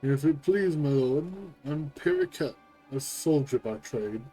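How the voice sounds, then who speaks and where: A man reading the lines of an easygoing low-born soldier from a game, in a folksy and chatty manner. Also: animated, unhurried, dark tone, soft background music, poor audio.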